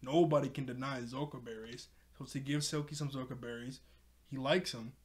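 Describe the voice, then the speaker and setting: A man's voice: medium pitch, steady tone, brisk, a little mellow. A man casually recapping a cartoon episode in a rambling, self-correcting, offhand way.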